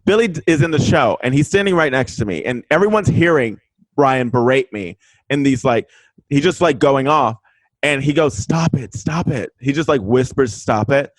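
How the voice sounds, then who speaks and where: A man, the guest, telling a story in a casual chat, animated and profane, loudly acting out what people said. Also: medium pitch, normal speed, no echo, poor audio. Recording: remote link.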